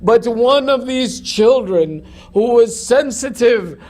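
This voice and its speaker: A man's voice: extremely high pitch, animated, takes it slowly, a little mellow. A man delivering an impassioned, grief-laden sermon as a religious lecturer. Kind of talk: mourning sermon narration.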